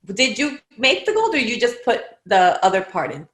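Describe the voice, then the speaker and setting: Effusive woman with a lively voice. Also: a little high, moderate pace. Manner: effusive, exclaiming. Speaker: co-host. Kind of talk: casual chat. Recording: roomy echo.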